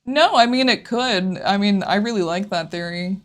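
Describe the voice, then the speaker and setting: A woman's voice: mid-range voice, moderate pace. A woman co-hosting a casual podcast, talking thoughtfully about a game, often laughing and openly getting emotional. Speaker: podcast co-host.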